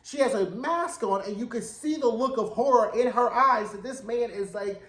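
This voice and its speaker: A man's voice: extremely high pitch, normal speed, a bit bright, roomy sound. A man giving a casual, slangy recap of a TV episode, telling it with sass and drama. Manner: sassy, slangy, dramatic storytelling. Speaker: TV recap reviewer.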